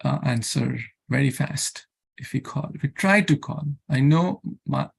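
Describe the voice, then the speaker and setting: A man's voice: mid-range voice, unhurried, creaky, husky. A man giving an earnest sermon, repeating himself and asking his listeners questions, with chants and Sanskrit verses mixed in. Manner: earnest, repetitive, asks rhetorical questions. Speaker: scripture class speaker.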